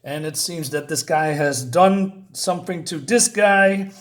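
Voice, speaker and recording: A man hosting a relaxed comic review video, walking viewers through the plot. He pauses often to search for words and leans on fillers as he goes. His speaking voice sits a little higher than most men's. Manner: hesitant, many fillers while retelling a plot.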